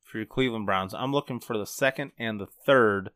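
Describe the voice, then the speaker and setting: A man's voice: fairly low pitch, brisk, fairly bright tone, clean tone. A man co-hosting a sports talk show, reading trivia and giving short, dry answers. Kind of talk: casual sports talk chat.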